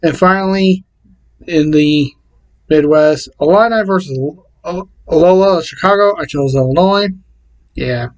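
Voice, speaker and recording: A man casually talking to camera and reading out his picks in a plain, repetitive way with halting restarts. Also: on the high side, poor audio. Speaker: vlogger.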